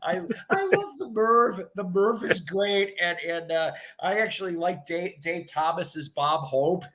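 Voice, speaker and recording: A man hosting a casual radio show, excitable and profane, laughing often and slipping into impressions. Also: sits high, a little slow. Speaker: radio host and record collector. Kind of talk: casual chat. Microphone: studio mics.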